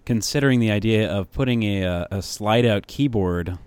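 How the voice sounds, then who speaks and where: Low-voiced man chatting with many fillers. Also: moderate pace, a little mellow, smooth, no room sound. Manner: hesitant, many fillers and restarts. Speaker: podcast host. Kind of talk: casual tech podcast chat.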